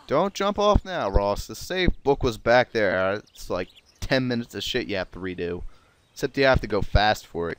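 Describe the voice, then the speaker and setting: Sarcastic South Jersey gamer, lively pitch. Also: male voice, normal speed, slight background noise. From South Jersey, USA. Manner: chatty, sarcastic, swears casually. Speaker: let's play gamer. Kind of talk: casual gameplay commentary.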